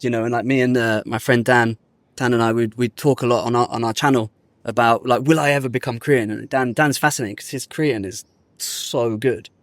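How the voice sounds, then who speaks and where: This man from the UK, a podcast guest with a medium-pitched voice, speaks briskly in a recording with no echo. He's a lively, casual storyteller who uses London slang and acts out the people he quotes.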